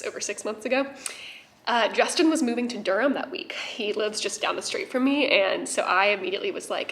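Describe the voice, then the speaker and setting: A young woman telling a personal story to camera in an excitable, chatty vlog style, with lots of "like". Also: medium pitch, brisk. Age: young adult. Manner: chatty, excitable, heavy use of "like". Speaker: vlogger.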